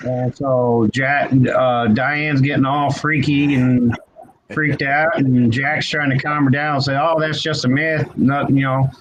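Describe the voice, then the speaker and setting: A man improvising a spooky campfire story on a livestream, halting and full of ums. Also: mid-range voice, flat delivery. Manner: halting, drawn-out delivery with many ums. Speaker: livestream guest. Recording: dull lo-fi stream audio with faint hiss.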